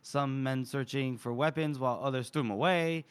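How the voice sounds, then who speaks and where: A man's voice: medium pitch, moderate pace, smooth. A man co-hosting a book podcast, playfully recapping chapters with frequent laughs.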